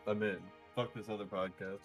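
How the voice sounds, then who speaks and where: A man's voice: fairly low pitch, measured pace, husky, soft background music. A man in goofy, joking chat with friends on a game stream, swearing playfully. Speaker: friend on livestream call. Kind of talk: casual gaming chat.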